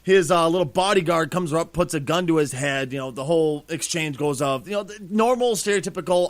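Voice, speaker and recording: Profane, excitable man on a podcast. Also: on the high side, fairly quick, hardly any pauses, no echo. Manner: blunt, profane, excitable storyteller. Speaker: podcast co-host. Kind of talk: casual podcast chat.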